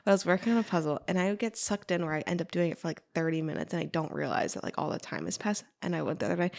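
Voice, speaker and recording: A woman's voice: on the low side, quick pace, gravelly. A middle-aged woman co-hosting a podcast, easygoing and laughing as she trails off mid-sentence. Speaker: podcast co-host. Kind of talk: casual chat.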